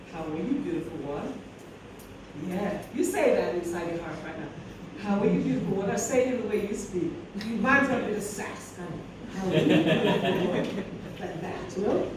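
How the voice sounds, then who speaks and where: Woman keynote speaker, high and sassy, preachy calls to the crowd, heard from far off in a very echoey school hall. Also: slight background noise. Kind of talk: motivational keynote to teachers. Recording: very echoey hall recorded from a distance.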